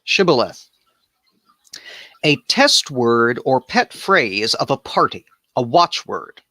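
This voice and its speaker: A man's voice: mid-range voice, big pitch swings, takes it slowly, pushed and bright, no echo, studio quality. A man hosting an improvised bible study, reading aloud and commenting in a casual, irreverent way with wandering asides.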